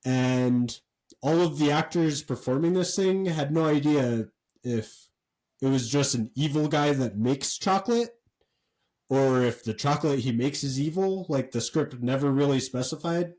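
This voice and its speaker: A man co-hosting a podcast, telling a story in a rambling, animated way with lots of fillers and swearing. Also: mid-range voice, a little slow, rough recording. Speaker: podcast co-host. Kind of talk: casual chat.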